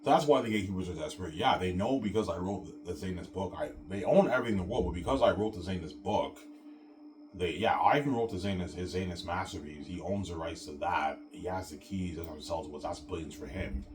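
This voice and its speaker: A man rants in a fast, repetitive, profanity-laced monologue to his viewers. His voice is extremely deep. He sounds far from the microphone, with clear music underneath. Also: background noise. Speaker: video ranter. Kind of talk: angry monologue. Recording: distant from mic, music behind.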